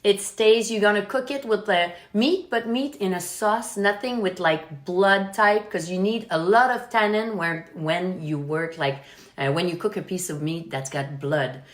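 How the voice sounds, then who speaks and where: A woman's voice: medium pitch, a little slow, echoey room. A woman with a Quebec French accent, chatting casually as she hosts a live wine tasting and explains as she goes, often checking in with "okay?". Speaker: wine expert hosting a live stream. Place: at home.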